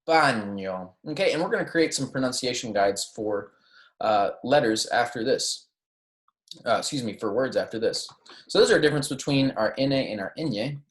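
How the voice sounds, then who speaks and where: Male language teacher, patient lecture delivery, mid-pitched, models words slowly. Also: animated, reverberant. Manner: patient, modeling pronunciation slowly, self-correcting. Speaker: Spanish instructor. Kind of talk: recorded classroom lecture.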